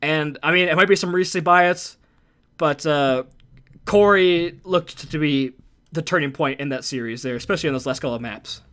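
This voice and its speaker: A man doing play-by-play commentary as an esports caster, excitable and rising to shouts on big plays. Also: on the high side, moderate pace.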